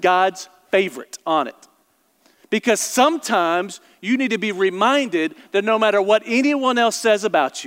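A man from the American South with a Southern accent, preaching a sermon earnestly and slowing down for emphasis. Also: high-pitched, fairly bright tone, long reverb tail. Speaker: pastor. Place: church.

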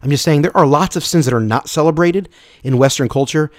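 A man's voice: fairly high pitch, a little fast, no echo, clean studio sound. A man hosting a podcast, giving an earnest, unscripted Bible teaching talk and often restarting and repeating words. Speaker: podcast host.

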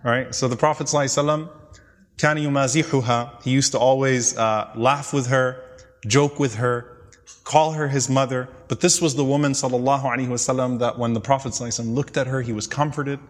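A man's voice: medium pitch, fairly even intonation. Earnest male lecturer in a reverberant hall. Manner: earnest, explanatory retelling with frequent pauses and restarts. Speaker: religious lecturer. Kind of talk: storytelling lecture.

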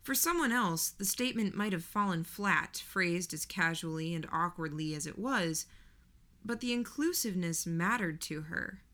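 A woman narrating a first-person audiobook in an even, measured reading. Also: fairly low pitch.

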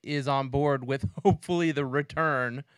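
A man's voice: mid-range voice, steady tone, moderate pace, clean tone, dry recording. A man hosting a casual podcast, asking his co-host questions. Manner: inquisitive, asks questions.

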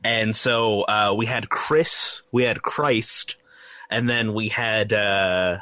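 A man's voice: lowish voice, slow, pushed and bright, dry recording. A man on a casual podcast telling a sheepish personal story, on a close mic. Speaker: podcast co-host.

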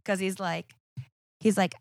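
A woman's voice: medium pitch, fairly even intonation, a little slow, gravelly, no echo, clean studio sound. A young woman guesting on a podcast, chatting casually in a rambling, laughing way full of "like". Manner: rambling, laughing, sprinkled with "like" and swearing.

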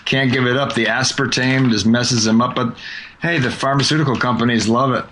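A man's voice: mid-range voice, fairly even intonation, a bit bright, a little hiss or hum. A man hosting a podcast, chatting casually and telling long stories, stretching out his words at times. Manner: storytelling, chatty, drawn-out words. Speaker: podcast host. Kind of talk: casual chat.

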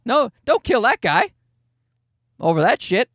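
Lively high-voiced man telling comic stories. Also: measured pace, no room sound, clean studio sound. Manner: animated storyteller, swears freely, acts out voices. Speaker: podcast host. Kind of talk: comedic solo podcast monologue. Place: Toronto.

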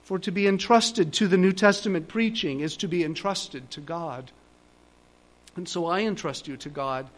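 A man preaching a Sunday sermon, his voice pitched high for a man. He pleads earnestly, repeats key phrases for emphasis and swells toward insistence. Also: moderate pace. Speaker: pastor.

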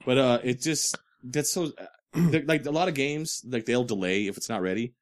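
A man's voice: medium pitch, moderate pace, no echo, clean studio sound. A man co-hosting a casual podcast, ranting and cursing in frustration. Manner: profane, ranting, exasperated. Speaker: podcast co-host. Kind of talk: casual chat.

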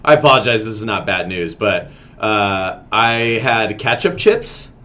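A man's voice: on the low side, animated, a little slow, sharp tone. Giggly rambling male podcast co-host. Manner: giggly, rambling, self-deprecating. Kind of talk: casual podcast banter.

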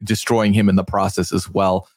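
A man hosting a casual TV recap chat, animated and incredulous as he goes over the episode. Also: normal speed, no echo, studio quality. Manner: animated, incredulous, sometimes jumps high in pitch. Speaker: podcast host.

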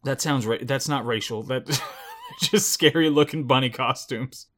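A man's voice: medium pitch, measured pace, a bit bright. A young man giving jittery live commentary as he watches and reacts to a film, muttering one moment and exclaiming the next.

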